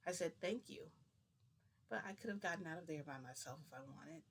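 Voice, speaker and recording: A man's voice: fairly high pitch, brisk, fairly bright tone, a little hiss or hum. A man casually retelling a personal story to the camera, rambling and acting out dialogue with "I'm like" and "he goes". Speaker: vlogger.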